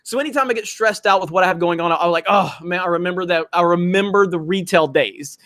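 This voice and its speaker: A man's voice: sits high, fast talker, pushed and bright, no room sound, studio quality. A man hosting a livestream, ranting animatedly in casual, profane chat. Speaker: livestream host.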